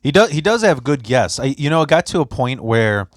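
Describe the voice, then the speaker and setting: A young man hosts a podcast in a casual, rambling way, cursing freely as he tells stories. His pitch sits in the middle of the range. The recording is dry and close, with no room sound. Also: sing-song, a little fast, no echo. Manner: loose, rambling, profane storytelling with put-on voices. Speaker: podcast host.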